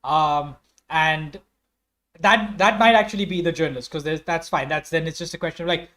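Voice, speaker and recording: A young man with an Indian English accent, a tabletop game player pitching character ideas. He thinks aloud with many "um"s and sounds enthusiastic. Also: brisk, a bit bright.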